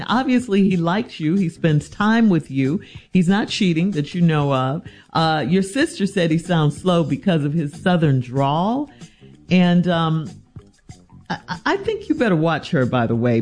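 A woman's voice: lowish voice, darkish tone. A woman hosting a radio advice segment, answering a listener's letter in a direct, teasing, incredulous way. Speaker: radio host.

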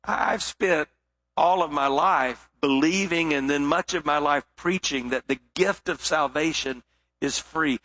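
Male preacher, bright, high voice, storytelling sermon with quiet emphatic drops. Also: a little slow. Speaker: pastor.

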